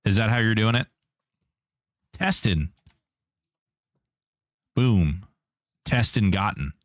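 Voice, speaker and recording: A man's voice: lowish voice, expressive, slow pace, no echo, studio quality. A man streaming an online game, chatting casually and joking while answering his chat. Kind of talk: casual live-stream commentary.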